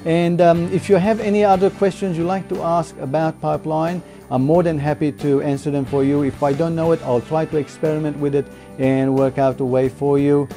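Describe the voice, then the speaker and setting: A man hosting a casual home-studio software tutorial, talking in a halting way and pausing to search for words. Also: fairly high pitch, level tone, soft background music.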